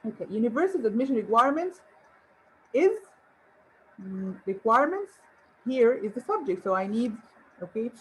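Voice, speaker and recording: A woman's voice: on the high side, big pitch swings, moderate pace, long pauses, low-quality recording. A woman English teacher giving an online grammar lesson, encouraging and asking her viewers questions. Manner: encouraging, rhetorical questions and praise.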